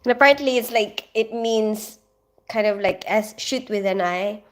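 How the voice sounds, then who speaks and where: A woman's voice: medium pitch, moderate pace. Woman, thirties, casual livestream chat, giggly, rambling. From Philippines. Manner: chatty and giggly, with frequent laughter and rambling asides. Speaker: nurse and livestream host. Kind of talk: casual livestream chat reading viewer comments.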